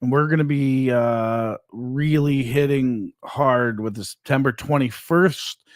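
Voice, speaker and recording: A man co-hosting a live podcast, pitching upcoming events in an upbeat, promotional way with hype slang. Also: takes it slowly, no room sound. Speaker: podcast co-host and fight promoter. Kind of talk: casual live podcast chat. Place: studio.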